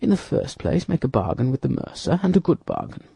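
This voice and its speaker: A man's voice: medium pitch, huge pitch swings, quick pace, gravelly, mellow, husky, no echo, full character voice. A man doing a grumbling, dim musketeer. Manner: grumbling, blustering. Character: blustering, dim male musketeer.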